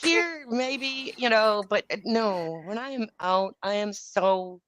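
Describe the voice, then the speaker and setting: A woman's voice: mid-range voice, slow pace, a bit bright, dry recording. A woman telling a story in casual chat. She is blunt and profane and laughs as she talks. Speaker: podcast host.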